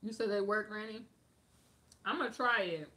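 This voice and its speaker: Bright-voiced woman chatting casually. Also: mid-range voice, moderate pace. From United States. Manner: chatty, lots of "like" fillers, drifts between topics. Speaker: livestream host answering viewer comments. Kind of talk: casual chat.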